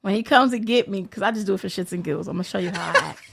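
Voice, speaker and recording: A young woman as a podcast guest, telling a story in casual, profane, animated fashion and acting out the voices of others. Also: medium pitch, racing, gravelly, noisy background.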